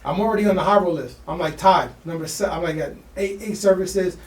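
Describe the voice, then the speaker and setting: A man co-hosting a podcast, telling a story in a fast, slangy, animated way and acting out the voices of people in it. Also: sits high. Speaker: podcast co-host. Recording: echoey room, mic at a distance.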